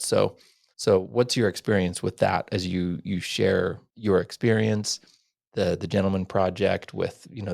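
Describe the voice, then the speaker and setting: A man hosting a podcast, earnest and rambling, often dropping to a soft near-whisper. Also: deep voice, creaky, breathy edge, dry recording, clean studio sound. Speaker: podcast host. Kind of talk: casual interview chat.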